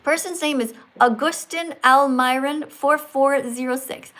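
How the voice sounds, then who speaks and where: A woman's voice: high-pitched, a little slow, hardly any pauses, a bit bright, low-quality recording. A woman hosting a livestream, who lectures and corrects her guest like a strict teacher. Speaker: livestream host. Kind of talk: livestream chat.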